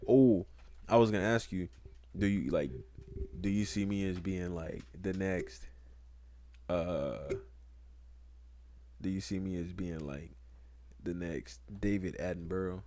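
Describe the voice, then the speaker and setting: A man's voice: low voice, takes it slowly, pauses often. A young man co-hosting a podcast, chatting casually, rambling and joking. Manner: rambling, joking, breaks into loud laughs. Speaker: podcast co-host.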